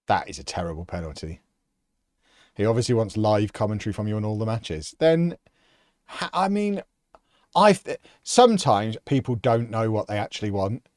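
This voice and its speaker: Animated, sarcastic man streaming. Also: on the low side, no echo, clean studio sound. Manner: sarcastic, animated, quick to laugh. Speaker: streamer and football commentator. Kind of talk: live-stream chat while playing.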